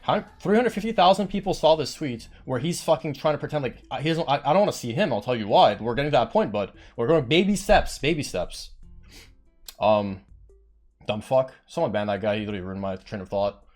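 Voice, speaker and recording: Give me a heated, swearing man on stream, lively pitch, light music underneath. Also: fairly quick. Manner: heated, rambling, profane. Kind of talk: ranting story on stream.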